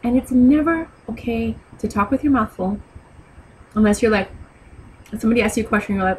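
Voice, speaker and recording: A woman's voice: on the high side, brisk, long pauses, slight background noise, rough recording. A woman giving etiquette advice in a casual vlog, talking in a blunt, sassy, lecturing way. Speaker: vlogger.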